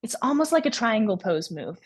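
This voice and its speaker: A woman's voice: a little high, very animated, a little fast, breathy edge. A woman hosting an online yoga class, chatting casually while she demonstrates poses and asks her guest questions. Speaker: yoga teacher and class host.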